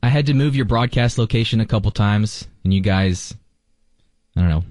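A man who produces a radio show, cracking dry jokes in a deadpan manner. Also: on the low side, normal speed, no room sound. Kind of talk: casual radio banter.

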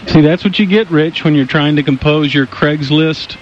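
A wisecracking man co-hosts a radio talk show and teases the others. His voice is slightly higher than average. Clear music plays under the dull lo-fi broadcast. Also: moderate pace. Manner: wisecracking, teasing. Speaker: radio co-host.

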